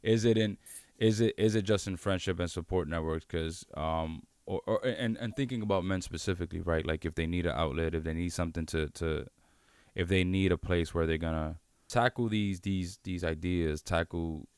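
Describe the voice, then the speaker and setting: A man co-hosting a candid podcast, talking in a measured way, citing research and asking reflective questions. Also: low voice, a little mellow, clear, resonant tone, no echo, studio quality. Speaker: co-host.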